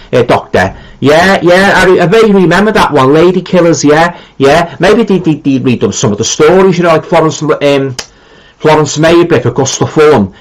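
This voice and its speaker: A man's voice: mid-range voice, rough recording. A middle-aged man with a Liverpool accent hosting a live stream, chatting casually and reading out viewer comments, rambling with lots of ums and restarts. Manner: easygoing and informal, with colloquial phrasing.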